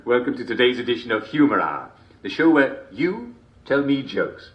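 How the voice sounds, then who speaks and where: A man's voice: mid-range voice, big pitch swings, moderate pace, lo-fi sound, lightly acted. Uncle Jack, a man playing a chuckling show host. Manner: chuckles constantly between lines, chummy showman patter. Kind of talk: video game character performance.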